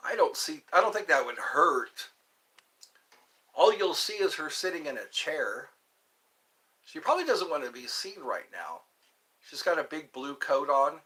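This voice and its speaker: A man with a fairly high, sing-song voice hosts a livestream from his home, reading viewer comments and answering questions in a rambling, casual way. He speaks at a measured pace with frequent pauses, and his tone is bright and forceful.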